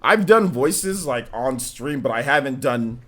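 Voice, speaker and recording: Lively, bright-voiced man in his thirties. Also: mid-range voice. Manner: animated, laughs often, drawn-out filler words. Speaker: gaming show host. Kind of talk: casual streamed chat.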